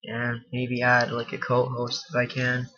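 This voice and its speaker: Guy rambling on his own little podcast, bright pushy voice, dull lo-fi sound from a computer mic across the room. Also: medium pitch, monotone, a little slow. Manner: rambling, self-deprecating, raising his voice. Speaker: podcast host. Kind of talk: casual solo podcast monologue.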